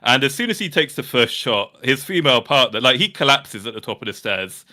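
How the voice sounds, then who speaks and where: A British man hosting a stream, telling a story in a casual, animated way, swearing freely and laughing often. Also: mid-range voice, brisk. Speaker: streamer host. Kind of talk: casual chat.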